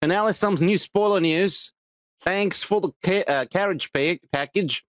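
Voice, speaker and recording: A man co-hosting a casual podcast, laughing often and chiming in with quick agreement. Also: high voice, fairly bright tone, dry recording. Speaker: podcast co-host.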